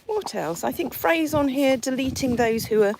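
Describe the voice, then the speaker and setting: Here the same kind of scene plays out: an English woman who runs a horse sanctuary livestreams from horseback on a country lane, casually naming where viewers are tuning in from. Her high, gravelly voice is expressive and moves at normal speed, but the clip is very noisy.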